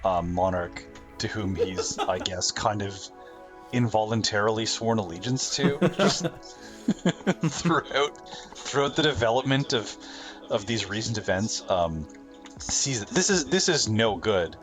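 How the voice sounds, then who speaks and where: A man's voice: fairly low pitch, lively intonation, measured pace, over music. A man describing his character in a tabletop role-playing game, hesitant and rambling with many fillers. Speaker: player.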